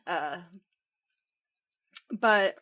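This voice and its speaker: A woman's voice: medium pitch, very slow. A young woman co-hosting a podcast, casually retelling a movie plot with laughs and acted-out quotes. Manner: animated, acts out quoted lines with laughs. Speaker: podcast co-host.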